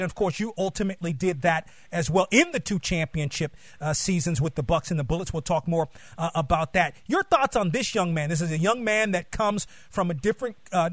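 A man's voice: high-pitched, moderate pace, few pauses, a bit bright, dry recording. A man hosting an interview show, asking long, rambling questions with enthusiasm. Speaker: show host.

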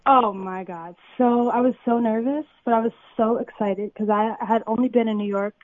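A woman's voice: on the high side, moderate pace, no echo. A young woman from Compton talks eagerly, piling on "like" and "um" as she tells her story. Her voice comes through a tinny phone line with a dry, close sound. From Compton, California. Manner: excited, filler-heavy storytelling. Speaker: model, interview guest. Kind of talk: phone interview, casual storytelling.

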